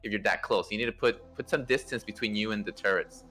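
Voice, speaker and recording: A man's voice: fairly low pitch, fast talker, faint music behind. A man casually organizing a space game play-test, explaining maneuvers with fillers and restarts. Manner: instructive, relaxed, many fillers and restarts. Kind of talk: casual game coordination over voice chat.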